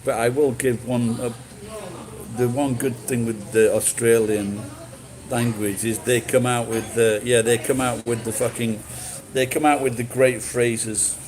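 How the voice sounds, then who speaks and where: A man's voice: medium pitch, little pitch movement, a little slow, a crowd in the background, poor audio. Rambling sweary man. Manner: rambling, sweary, frequent restarts. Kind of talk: casual chat.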